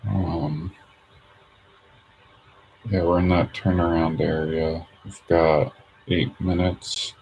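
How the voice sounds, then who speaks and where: Low, gravelly, slow-talking man. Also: little pitch movement, a little mellow, a little hiss or hum, rough recording. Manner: hesitant, many fillers, thinks aloud. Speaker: day trader streaming his charts. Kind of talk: casual thinking-aloud commentary.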